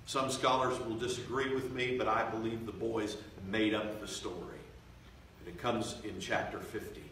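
A man preaching a revival sermon, swelling loud and slow for emphasis, then dropping to quiet, confiding tones. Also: lowish voice, fairly even intonation, a little hiss or hum. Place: church sanctuary. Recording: echoey church from far off.

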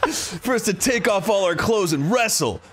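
A man's voice: high voice, animated, moderate pace, fairly bright tone, husky, no echo, faint music behind. A man in his thirties co-hosting a let's-play, drawling and playful. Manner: drawling, playful, slips into joke voices. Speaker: co-host of a gaming show.

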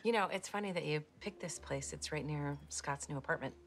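A woman's voice: low voice, a little fast. An actress playing a blunt, worldly woman in a TV comedy, making dry asides. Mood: wry.

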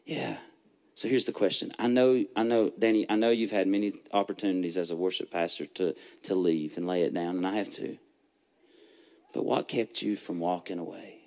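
A man's voice: on the low side, creaky, darkish tone. A man who is a pastor and host, talking earnestly in a preaching style, often repeating words and building into fervent lists.

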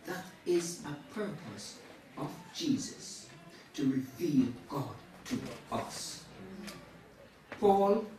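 A woman's voice: lowish voice, darkish tone, slight background noise. A woman preaching a sermon, dramatically acting out dialogue and building to fervent cries. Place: church sanctuary. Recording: echoey church from far off.

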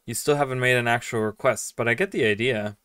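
A man's voice: medium pitch, fast, a bit bright, clean tone, no room sound, clean studio sound, far from the mic. A man giving casual commentary over a game, rambling with lots of fillers and reading lines aloud. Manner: rambling, filler-heavy, reads dialogue aloud. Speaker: streamer playing and commenting.

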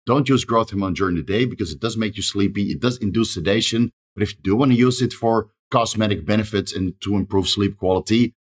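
Husky low-voiced man talking fast. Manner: rapid, rattles off lists of dosages with frequent "right?" tags. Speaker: channel host giving advice. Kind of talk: fast solo advice monologue.

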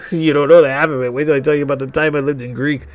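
A gaming video host rambles through personal stories during a casual let's-play walkthrough, swearing a lot. He talks fast in a fairly high, steady voice.

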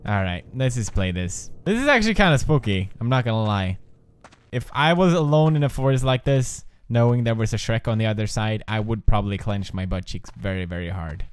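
A young man hosting a joking let's-play commentary, excitable and prone to yelps and laughter. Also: fairly low pitch, fairly quick, clean tone. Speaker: gaming video host.

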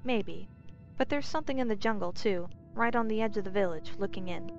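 A hushed, wary man of magic from a fantasy storybook, eyes on the dark jungle, as a woman narrator voices him. He keeps his voice low. The recording is dull and lo-fi, with faint music. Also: lively intonation, fairly quick, close to an everyday voice. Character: watchful, uneasy male Breton wizard.

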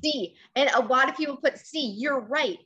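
A woman teacher reading a picture book aloud to children over a video call, expressive and coaxing, pausing to ask questions. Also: high voice, breathy edge, highs cut off.

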